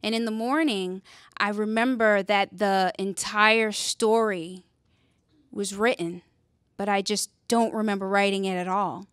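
A woman's voice: measured pace, no room sound, studio quality. Earnest young woman telling her story. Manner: earnest, conversational, with fillers and rhetorical "right?"; drops quiet and low on painful memories, lifts for animated retelling. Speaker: speaker sharing her story. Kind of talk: personal storytelling talk.

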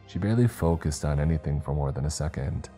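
A man reads a scripted horror story in a slow, measured way. His voice is extremely low and dark, with a mellow, heavy tone. Faint music plays quietly behind him. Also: expressive.

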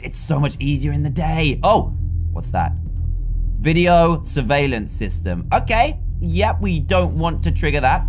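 A British man hosting a gaming video, giving excitable let's-play commentary that breaks into panicked shouts. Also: on the high side. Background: faint game music.

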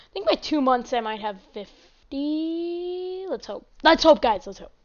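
A woman with a high, bright voice rambles through casual gameplay commentary, chatty and excitable, breaking into sudden exclamations. The recording sounds dull and lo-fi, like a cheap home mic. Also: unhurried. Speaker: gaming channel host.

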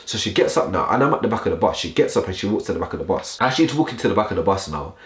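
A young man rattling off a storytime vlog, packed with slang and asides to his viewers. His voice sits very low and he talks fast. The room around him gives it a clear echo. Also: big pitch swings, heavy background noise. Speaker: vlogger. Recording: roomy echo.

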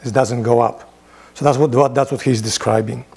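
A man's voice: mid-range voice, fairly even intonation, gravelly, a little mellow, breathy edge. Man teaching scripture in a church. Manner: plain, unhurried explaining with restarts and rhetorical questions. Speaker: priest leading a Bible study. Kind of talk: Bible study teaching, reading scripture aloud.

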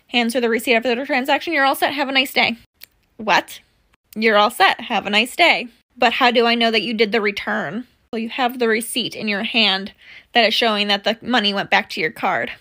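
A woman quickly retelling an argument with a customer over a refund. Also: fairly high pitch, bright, forceful tone. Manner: rapid, quotes a back-and-forth argument. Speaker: former retail cashier. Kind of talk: storytime retelling.

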